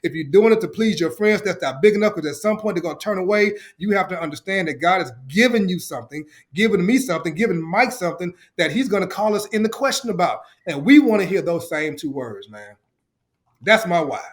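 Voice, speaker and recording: Guest spot: middle-aged man with a high, bright voice, storyteller who acts out quotes. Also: animated, brisk. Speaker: podcast guest, ministry founder. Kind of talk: enthusiastic testimony.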